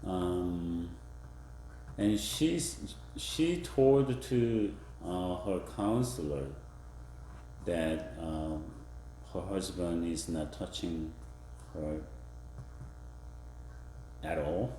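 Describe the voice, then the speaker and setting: A male professor giving a classroom lecture, halting with fillers and restarts, acting out example phrases in different tones. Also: sits low, dark tone, echoey room, a little hiss or hum. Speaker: university professor.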